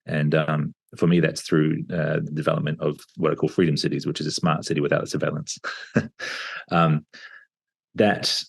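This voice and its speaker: Man, 30s, very deep voice, husky, reflective, hesitant, video call guest. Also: little pitch movement, moderate pace. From Australia. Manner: reflective, hesitant with many fillers. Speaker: podcast guest. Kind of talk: casual interview talk.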